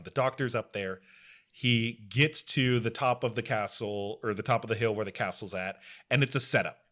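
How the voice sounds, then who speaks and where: A young adult man co-hosting a podcast, recapping a story in an animated, emotional way. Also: mid-range voice. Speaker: podcast co-host.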